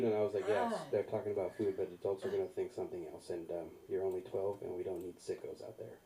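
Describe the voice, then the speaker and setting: A man's voice: fairly low pitch, quick pace, hardly any pauses, crowd noise. A man doing an open mic stand-up set in a small comedy club, telling self-deprecating stories and acting out voices. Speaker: stand-up comic. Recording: distant mic, faint room noise.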